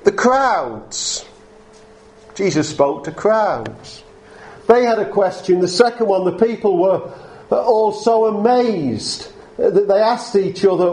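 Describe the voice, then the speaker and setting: A man preaching a sermon to a congregation, talking in an unhurried way with frequent fillers and restarts. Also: high-pitched, very animated, darkish tone.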